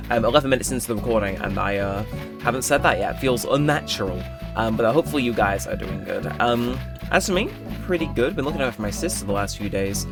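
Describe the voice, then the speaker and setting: A young man chats casually while he plays, his voice swinging widely and suddenly jumping high when he jokes or protests. Game music plays clearly underneath his talk the whole time. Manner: chatty and joking, with sudden high-pitched exclamations. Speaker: gaming channel host. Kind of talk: casual gameplay commentary. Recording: game music playing behind.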